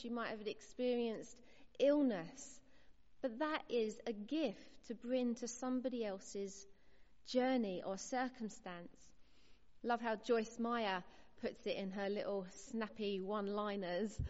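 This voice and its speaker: A woman's voice: fairly high pitch, darkish tone. Earnest woman preaching in a hall. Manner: earnest, measured and encouraging, with pauses between phrases. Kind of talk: sermon. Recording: muffled sound in a reverberant hall.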